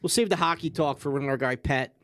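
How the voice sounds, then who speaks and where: A man's voice: on the high side, quick pace, a bit bright, no room sound. A man with a Philadelphia accent hosting a podcast, talking sports bluntly and casually. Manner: blunt, wraps up the show. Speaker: podcast host.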